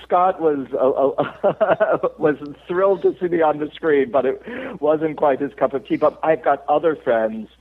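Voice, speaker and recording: A man's voice: a little high, a little slow, few pauses. Chatty middle-aged man over a tinny line. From Cape Cod, Massachusetts. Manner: chatty, laughing storyteller. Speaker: actor, interview guest. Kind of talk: casual interview chat.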